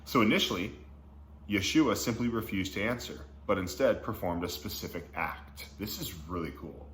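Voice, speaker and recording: Low-voiced man teaching scripture casually. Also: animated, normal speed, a bit bright. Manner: reads passages then breaks them down in slangy asides. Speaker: Bible teacher. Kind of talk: casual Bible study reading and commentary. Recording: echoey room with faint background noise.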